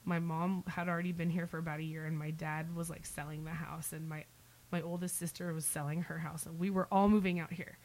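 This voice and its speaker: A woman's voice: low-pitched, level tone, a little fast, a little mellow, a little hiss or hum, low-quality recording. A woman in her thirties from Oklahoma, a podcast guest chatting casually and telling stories with lots of fillers. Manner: chatty storyteller with fillers and playful asides. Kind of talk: casual interview chat.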